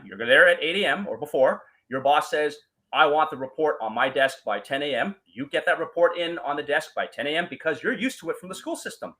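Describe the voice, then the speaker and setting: A man telling his story as a guest in a casual talk, animated, acting out quoted voices and using many fillers. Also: a little high, low-quality recording.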